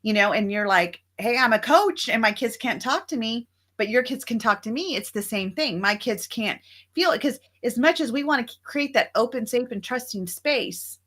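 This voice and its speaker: A woman's voice: a little high, expressive, moderate pace, fairly bright tone. Middle-aged woman co-hosting a chat, earnest and thoughtful, acts out bits of her stories. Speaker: co-host. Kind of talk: casual chat.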